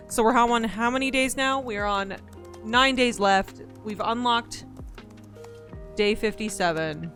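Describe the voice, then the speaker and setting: A woman's voice: fairly high pitch, a little slow, fairly bright tone, faint music behind. A woman streaming live, chatting in a playful, joking way and thanking her donors. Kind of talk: casual live-stream chat.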